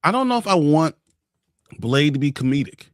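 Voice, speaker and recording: A man co-hosting a casual pop-culture podcast, speaking haltingly and repeating words as he thinks. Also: fairly high pitch, sing-song, clear, resonant tone, no echo, studio quality. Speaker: podcast co-host.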